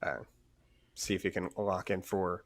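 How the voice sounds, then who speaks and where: A man's voice: low voice, flat delivery, a little slow, a little hiss or hum. A man casually commentating a fighting game tournament stream, chatty and laid-back.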